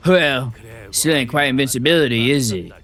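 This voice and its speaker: A man's voice: medium pitch, moderate pace, a bit bright, lightly acted. A man voicing a brash male sword warrior with a put-on American Southern drawl, cocky and teasing, in a game story read aloud.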